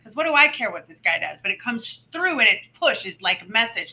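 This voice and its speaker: Bright-voiced woman co-host chatting. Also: medium pitch, poor audio. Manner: animated storytelling, quick asides. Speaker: podcast co-host. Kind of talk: casual chat.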